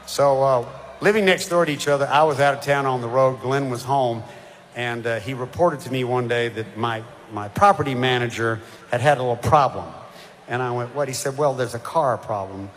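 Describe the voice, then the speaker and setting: An older man, a touring singer chatting between songs in a halting, rambling way with lots of fillers. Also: mid-range voice, a bit bright. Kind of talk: onstage banter between songs. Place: concert stage. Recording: live hall reverb with band music.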